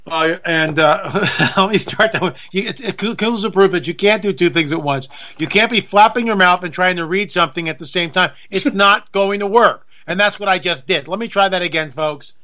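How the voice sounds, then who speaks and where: A man's voice: sits high, normal speed, few pauses, pushed and bright. A middle-aged man hosting a radio talk show, chatty and self-deprecating, in a folksy manner. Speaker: radio host.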